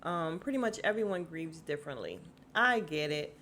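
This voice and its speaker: A woman podcast host recaps a reality show in a loose, chatty way. She speaks in a slightly low voice, with sarcastic asides. A faint hiss sits under the recording. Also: lively intonation, moderate pace, a bit bright.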